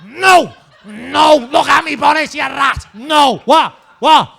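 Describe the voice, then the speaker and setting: A comedian voicing a rowdy, furious Liverpudlian man who rants and shouts on a comedy club stage. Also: very high-pitched, very animated, extremely slow, full character voice. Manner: shouting, indignant, defiant.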